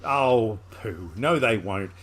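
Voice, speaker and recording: A man's voice: fairly low pitch, lively intonation, slow pace, a bit bright. Joking rambling male podcast host. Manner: joking, rambling, laughs often. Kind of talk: casual chat.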